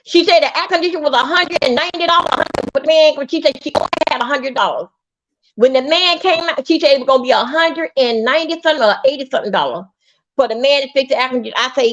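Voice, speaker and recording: A high-voiced woman vents on a live stream, swearing and circling back over the same grievance. Her anger keeps building as she tells the story. The audio is muffled and lo-fi, like a typical stream recording. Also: fast, a bit bright. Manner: profane, angry, repetitive storytelling. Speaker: livestream host. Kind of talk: heated live-stream rant.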